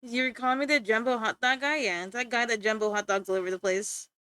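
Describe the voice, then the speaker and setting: Bright, high-voiced woman streamer. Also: fairly even intonation, fast talker, clear, resonant tone, no room sound, clean studio sound. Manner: playful, teasing, giggly. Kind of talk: casual chat with stream viewers.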